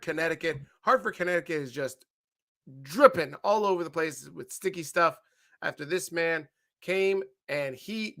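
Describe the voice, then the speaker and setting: Animated joking man reviewing wrestling. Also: fairly high pitch. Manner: animated, joking, mock-outraged, swears freely. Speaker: podcast co-host. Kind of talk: casual wrestling review chat.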